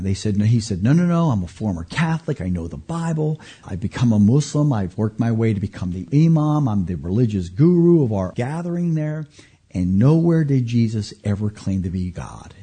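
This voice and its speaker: Man, pastor, bible teaching, lively pitch, loud-to-hushed swings. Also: slightly rough. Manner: animated storyteller, swings from loud emphasis to hushed near-whispers.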